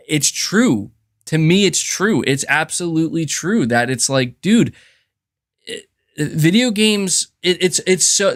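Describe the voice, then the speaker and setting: A man's voice: a little high, fairly bright tone, no echo, studio quality. A man talking casually on a live stream from home into a desk mic, rambling and emphatic and often restarting his sentences. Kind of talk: casual livestream monologue. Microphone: desk mic with adjustable gain.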